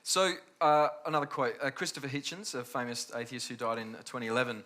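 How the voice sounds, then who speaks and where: A man's voice: mid-range voice, fast talker, sharp tone. A man hosting a panel discussion, putting friendly questions to the guests and thinking aloud. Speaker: panel host.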